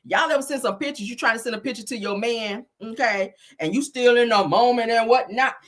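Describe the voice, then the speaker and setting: A woman hosting a casual gossip commentary, telling stories in an animated, slangy, laughing way. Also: fairly high pitch, a little fast. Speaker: commentary channel host.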